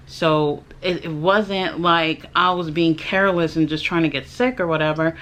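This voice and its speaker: A woman's voice: sits low, steady tone, moderate pace, few pauses, a bit bright. Young woman vlogger, candid storyteller, blunt and indignant, swears freely. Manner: chatty, with many fillers and restarts. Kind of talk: personal storytelling to camera.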